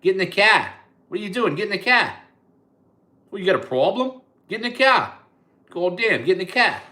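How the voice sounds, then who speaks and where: A man's voice: high-pitched, big pitch swings, moderate pace, bright, forceful tone, pitched above the performer's own voice, heavily acted. A man voicing a hot-headed Boston man with a Boston accent who barks orders. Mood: angry. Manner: barking, aggressive.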